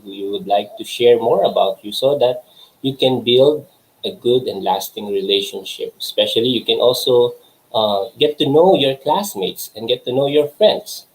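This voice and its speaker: A man's voice: mid-range voice, low-quality recording. A young adult man from the Philippines teaching an online English lesson to young children, patient and hesitant, with many fillers.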